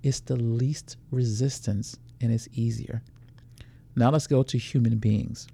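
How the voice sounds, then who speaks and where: A man's voice: mid-range voice, steady tone, a little slow, creaky, dark tone, husky, dry recording. A man who is a security expert, explaining how predators work in a podcast interview, walking through scenarios.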